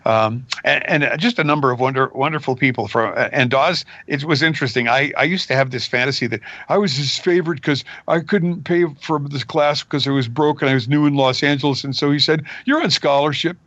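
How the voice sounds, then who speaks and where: An older man, a voice actor being interviewed, telling stories in a casual, animated way and dropping into character voices. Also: medium pitch, brisk, hardly any pauses, dry recording, muffled recording. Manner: animated, jumps into character voices mid-story. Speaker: voice actor guest.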